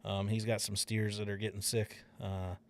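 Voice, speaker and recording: A man's voice: fairly low pitch, level tone, moderate pace, no echo. A young adult man co-hosting a podcast, telling stories in a laid-back way with lots of ums and swearing. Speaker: podcast co-host. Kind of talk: casual chat. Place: indoor studio.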